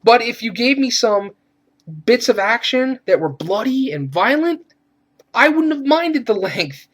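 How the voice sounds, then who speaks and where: A man's voice: very high-pitched, big pitch swings, measured pace, fairly bright tone. A man giving a casual, rambling film review, cursing freely and getting worked up as he rants. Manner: rambling, profane, gets worked up when ranting. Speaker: movie reviewer.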